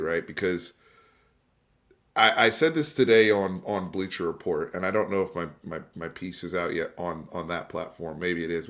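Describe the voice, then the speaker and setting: A man's voice: lowish voice, fairly bright tone. A man hosting a casual sports debate on a live stream, emphatic and conversational, talking straight to his viewers and restarting words as he gets going. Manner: repeats and restarts words when fired up. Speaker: sports talk show host.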